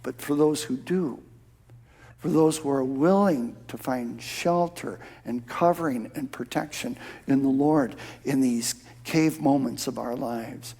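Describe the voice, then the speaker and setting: A male pastor preaching a sermon, dropping to a soft hush for prayers and rising to emphatic shouts on key phrases. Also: medium pitch, unhurried, breathy edge. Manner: drops to a soft hush when quoting prayer.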